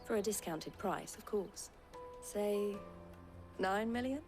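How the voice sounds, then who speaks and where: Taking her time at a medium pitch, an actress delivers the lines of a caravan company's shrewd businesswoman. It's a video game cutscene with faint background music. She sounds polished and gracious while teasing with a shrewd undertone.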